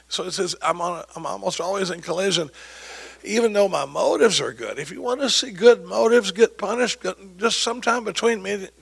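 A man's voice: sits high, gravelly, a bit bright, breathy edge. An older man giving a folksy, joking talk at a recovery meeting, acting out the voices of people he quotes. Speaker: recovery speaker.

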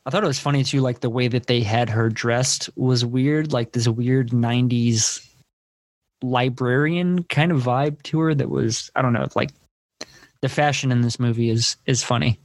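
A man co-hosting a casual podcast about films, talking in an animated way, laughing and swearing as he recalls scenes. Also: medium pitch, moderate pace, dry recording. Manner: animated, laughing, swearing, acts out movie lines. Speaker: podcast co-host. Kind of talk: casual film-discussion chat.

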